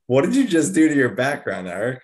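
Against some background noise, a medium-pitched man talks casually on a podcast via video call mic. The co-host rambles, dropping in lots of fillers.

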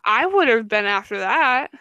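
A young woman with a slightly high voice, chatting casually and full of fillers and restarts. The sound is close and dry, with no room around her. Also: animated, normal speed, sharp tone, clean tone, no echo, lo-fi sound. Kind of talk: casual chat.

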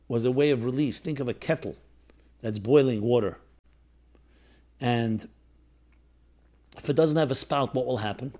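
A man speaks in an earnest, reflective storytelling tone, as a teacher recounts a moment to his class. His pitch sits in the middle range, and he stops and restarts now and then as his thoughts come. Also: darkish tone.

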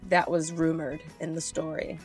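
A woman's voice: low voice, flat delivery, moderate pace. Woman podcast cohost, chatty, laughs a lot, light music faintly behind. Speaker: podcast co-host. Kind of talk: casual chat.

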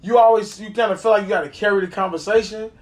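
A man with a noticeably high voice talks casually on a podcast. He rambles in long stretches and pokes fun at his own habits. Profanity slips in easily as he goes. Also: fairly even intonation, fast talker. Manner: rambling, self-deprecating, profane. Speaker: podcast co-host.

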